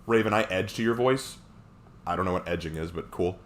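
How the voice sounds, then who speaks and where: A man's voice: low-pitched, brisk, slight background noise. A man live streaming who chats casually with viewers, reads their comments aloud and jokes around. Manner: animated, joking.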